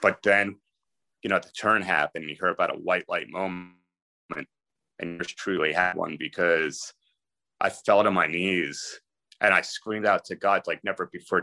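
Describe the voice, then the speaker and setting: A man's voice: low-pitched, steady tone, normal speed, sharp tone, no room sound. A middle-aged man telling his personal story candidly and conversationally as a podcast guest.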